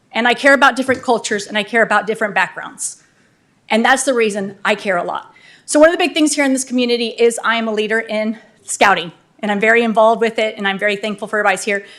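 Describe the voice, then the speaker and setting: Speaking fast in a voice on the high side, a newly elected city councilwoman delivers an unscripted, energetic speech in the council chamber. It's packed with heartfelt thank-yous.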